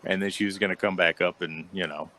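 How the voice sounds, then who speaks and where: A man co-hosting a podcast, telling a long story in casual chat and acting out the quotes by jumping up in pitch. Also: quick pace. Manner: animated storyteller, acts out quotes with jumps in pitch. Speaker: podcast co-host.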